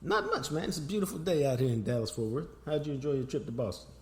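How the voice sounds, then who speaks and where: A man, hosting a casual sports podcast and telling stories with big swings in pitch and loudness. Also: fast talker. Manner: animated, storytelling, wide swings in pitch and loudness. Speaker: podcast host. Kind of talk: casual sports talk chat.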